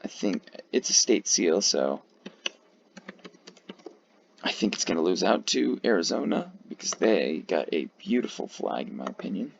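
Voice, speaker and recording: Tired male creator, low gravelly voice, swearing offhand commentary, lo-fi mic. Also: big pitch swings, moderate pace. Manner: rambling, profane, many fillers. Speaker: video creator ranking flags. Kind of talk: casual commentary. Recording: dull lo-fi mic.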